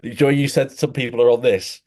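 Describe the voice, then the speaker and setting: A man's voice: medium pitch, fairly even intonation, fairly quick, darkish tone. A young man co-hosting a podcast, telling rambling laddish stories in casual chat and calling his friend "mate" constantly. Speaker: podcast co-host.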